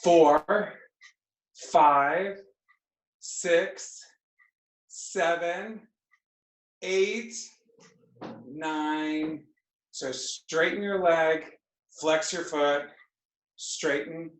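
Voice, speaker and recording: A woman leading a fitness class over a video call, counting reps and calling out cues in an unhurried way. Her voice carries the echo of a bare room at home. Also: deep voice, fairly even intonation. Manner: brisk counting and cueing, playful asides. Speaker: fitness instructor. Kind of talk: live online exercise class. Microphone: computer mic on a video call. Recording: echoey room.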